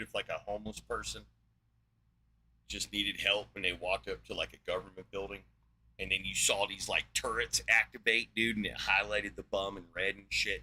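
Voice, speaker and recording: Ranting man, bright cutting voice. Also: on the low side, slight background noise, poor audio. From New Mexico, USA. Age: 40s. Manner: angry, rambling, heavy swearing. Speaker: podcast host. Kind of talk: profane solo rant.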